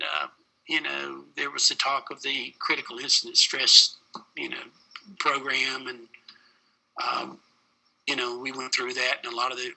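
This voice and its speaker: A man's voice: on the high side, gravelly, sharp tone, rough recording. A middle-aged man, a paramedic, telling a personal story in an interview, plain-spoken with many fillers.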